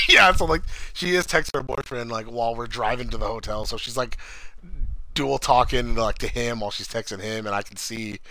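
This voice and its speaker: A man's voice: normal speed, poor audio. A young man from California telling a story in casual chat, swearing often and acting out other people's lines. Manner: animated, acts out quotes in a high voice, swears often.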